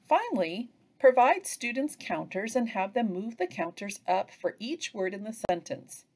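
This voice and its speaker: A woman giving an instructional training narration for early reading teachers, pausing to chant example phrases. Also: mid-range voice. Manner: slow, lively delivery with chanted example phrases.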